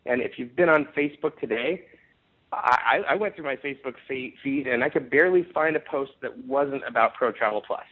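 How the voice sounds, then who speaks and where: A man hosts a network marketing conference call and gives an emphatic, upbeat sales pitch. His mid-pitched voice comes through a thin, tinny phone line. He often restarts his sentences as he pushes his points. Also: fairly quick, breathy edge.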